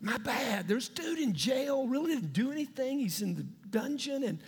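A man's voice: very high-pitched, sing-song, normal speed, gravelly, slightly rough, exaggerated voice. A man playing a sheepish, forgetful servant who mumbles his apologies, with the sound swimming in long hall reverb.

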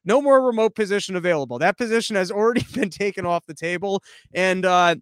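A man with a high, smooth, clear voice hosts a podcast live stream, riffing casually through viewer comments. His delivery is rambling, sarcastic and crude. The sound is dry and close. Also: fast, no echo. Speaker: podcast host.

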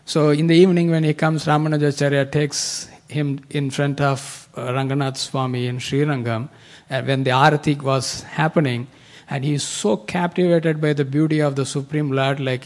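A man's voice: medium pitch, level tone, moderate pace. A man taking part in a class discussion, retelling a story in a plain, earnest way. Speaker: class participant.

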